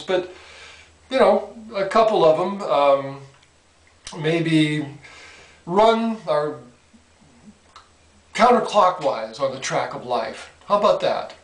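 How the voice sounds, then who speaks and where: Wry older man, distant in a roomy space. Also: a little high. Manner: dry, self-deprecating wit. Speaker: author. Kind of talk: mock interview, humorous. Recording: roomy sound from a distant mic.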